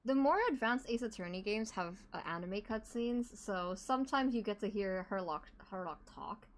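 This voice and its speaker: A woman playing in a tabletop game stream, chatting casually in a giggly, excitable, rambling way. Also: mid-range voice, normal speed. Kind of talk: casual chat.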